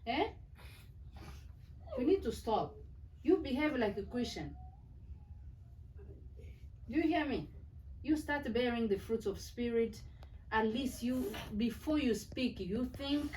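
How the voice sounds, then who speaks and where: A woman's voice: on the high side, lively intonation, takes it slowly, pauses often, a little mellow. Mother lecturing from a distance. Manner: firm, earnest, repeats "do you hear me". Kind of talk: lecturing her children at a family meeting. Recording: distant mic with faint background noise.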